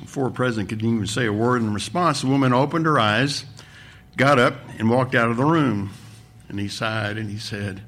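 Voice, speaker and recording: A pastor reads a parable aloud to his congregation during a sermon. His voice sits at an ordinary male pitch, and his storytelling is expressive. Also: fairly quick, a little hiss or hum.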